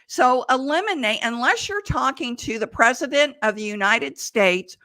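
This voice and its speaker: A woman sales coach giving advice in an emphatic, deliberate way. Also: high-pitched, lively intonation, pushed and bright. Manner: emphatic, deliberate delivery with quoted examples. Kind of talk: coaching monologue.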